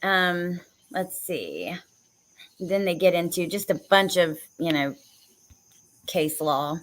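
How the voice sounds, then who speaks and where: A woman's voice: on the low side, lively intonation, takes it slowly. A woman hosting a casual livestream, reading court documents aloud and chatting about them with a co-host, laughing easily. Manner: reads legal text aloud, laughs often.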